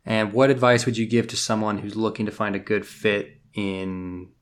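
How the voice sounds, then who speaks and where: A man's voice: lowish voice, normal speed. A man hosting a podcast, asking casual questions and reading a closing plug. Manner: relaxed, laughs easily, asks short questions. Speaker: podcast host. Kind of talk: casual interview, then scripted outro.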